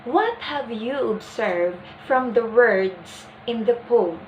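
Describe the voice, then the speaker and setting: A young woman presenting a lesson plan in a deliberate, explanatory way. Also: fairly high pitch, lively intonation, reverberant, slight background noise, poor audio. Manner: deliberate, acts out example lines.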